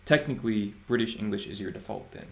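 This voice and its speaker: A man in his twenties hosting a casual livestream chat, relaxed and reading chat aloud. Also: on the low side, fast talker, gravelly, reverberant. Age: 20s. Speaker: livestream host.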